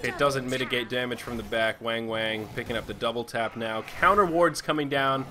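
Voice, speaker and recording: A man's voice: mid-range voice, fairly quick, music in the background. A man casting an online game match, joking and chatty between calls of the action. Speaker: esports caster. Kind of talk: play-by-play game commentary.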